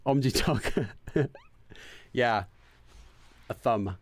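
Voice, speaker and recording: A man's voice: medium pitch, drawn-out words. A man hosting a casual let's play, chatting in a rambling way with lots of fillers and self-corrections while translating game text aloud.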